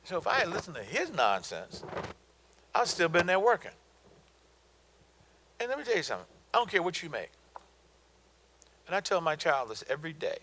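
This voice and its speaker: A middle-aged man delivers a motivational business talk in a loose, colloquial way. He tells stories and repeats his punchlines for emphasis. His fairly high voice leaps up and down with animation and has a bright, forceful ring. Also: huge pitch swings, moderate pace, long pauses, a little hiss or hum, poor audio. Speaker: guest speaker on business.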